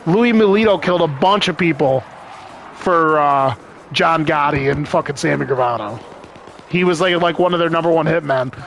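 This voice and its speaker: A man's voice: fairly high pitch, moderate pace, fairly bright tone, soft background music. A young man chatting casually as he streams a game, rambling, swearing and laughing often. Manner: rambling, profane, laughs a lot. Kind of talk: casual chat while gaming.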